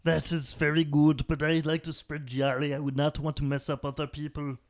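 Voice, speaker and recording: A man's voice: on the high side, little pitch movement, brisk. A man playing in a tabletop role-playing game, answering in a cheerful, earnest and hesitant way. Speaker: podcast guest player. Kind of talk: casual tabletop role-play chat.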